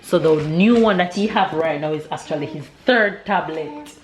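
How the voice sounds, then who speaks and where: A woman's voice: fairly low pitch, animated, moderate pace. A Jamaican woman in her thirties, chatting casually to camera at home as a family vlogger, a little scattered, with Jamaican English grammar. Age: 30s. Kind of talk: casual vlog chat to camera.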